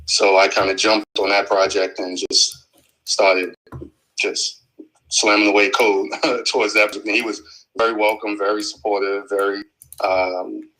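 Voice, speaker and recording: A man chatting on an audio chat app stream. His voice sits low and barely moves in pitch, and its tone is bright. He rambles easily, full of ums and restarts. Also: unhurried, poor audio. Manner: relaxed, rambling with many fillers. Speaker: guest developer. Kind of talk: casual chat.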